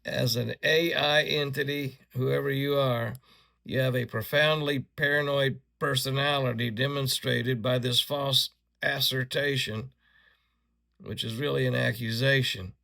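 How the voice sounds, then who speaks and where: Gravelly, bright-voiced angry ranting man. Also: medium pitch, steady tone. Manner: indignant, insulting, combative; halting restarts when agitated. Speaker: video creator.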